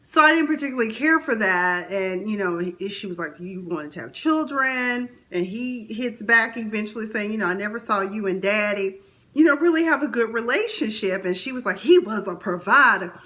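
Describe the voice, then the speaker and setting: Bright-voiced woman chatting about a show. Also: expressive, moderate pace. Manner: chatty, acts out characters' lines with big pitch swings. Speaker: TV recap host. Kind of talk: casual recap chat.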